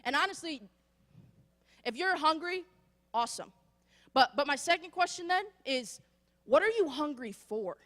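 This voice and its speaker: High-voiced woman preaching in a hall. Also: moderate pace, long pauses. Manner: animated storytelling, acts out voices. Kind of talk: sermon. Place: church sanctuary.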